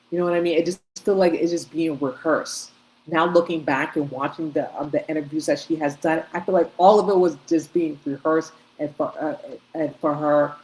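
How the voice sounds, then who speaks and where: Woman host, low voice, emphatic and repetitive opinion commentary, faint room hum. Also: a little mellow, low-quality recording. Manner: emphatic, repetitive, talks in short bursts with restarts. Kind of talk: opinionated commentary on video clips.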